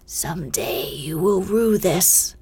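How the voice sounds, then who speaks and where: A woman voicing a shaggy, bearded male mountain spirit in a slow, hoarse, grating half-whisper, in whispered storytelling. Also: fairly low pitch, dark tone, no room sound, exaggerated voice. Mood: pleading.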